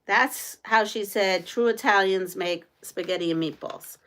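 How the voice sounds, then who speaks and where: A woman's voice: medium pitch, a little slow, a bit bright, slight background noise. A woman from the United States hosting a quilting live stream, chatting casually with viewers, laughing often.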